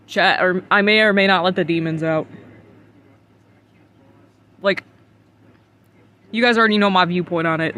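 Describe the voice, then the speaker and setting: A man's voice: high voice, pushed and bright, a little hiss or hum. A man from the United States streaming casual reaction commentary, incredulous and profane, laughing often.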